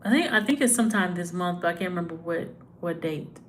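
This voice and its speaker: A woman's voice: lowish voice, expressive, slight background noise, poor audio. Casual, sighing tarot reader woman. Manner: casual, halting, with many fillers and sighs. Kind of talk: live tarot reading chat.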